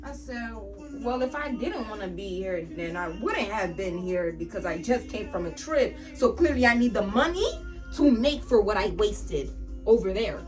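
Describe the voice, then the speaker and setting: A young woman vlogger telling a casual storytime about work, animated, slangy and full of swearing. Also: medium pitch, moderate pace, recorded from a distance, faint music behind.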